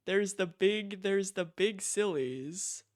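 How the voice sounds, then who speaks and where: A man's voice: high-pitched, takes it slowly, no room sound. Giggly streamer guy, dry close mic. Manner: giggly, repeats words and restarts often. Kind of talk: casual chat.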